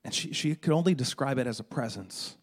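A man's voice: mid-range voice, fairly quick, breathy edge. A middle-aged man preaching a sermon, retelling a story dramatically with stammered restarts. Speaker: pastor.

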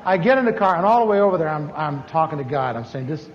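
High-voiced man preaching in an echoey hall. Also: quick pace. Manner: animated, acts out dialogue with big pitch swings. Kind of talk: storytelling sermon. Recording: echoey hall, dull lo-fi sound with faint noise.

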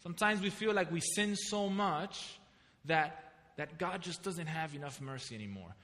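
Pastor, man, high bright voice, storytelling sermon in a reverberant hall. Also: normal speed. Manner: storytelling preacher, animated, asks the congregation questions.

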